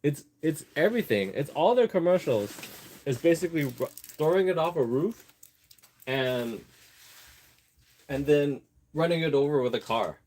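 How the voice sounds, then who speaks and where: A man's voice: on the high side, expressive, moderate pace, darkish tone. Chatty, rambling man vlogging. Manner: chatty, digressive, laughs often, easily distracted; talks while sewing an apron. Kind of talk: rambling casual chat.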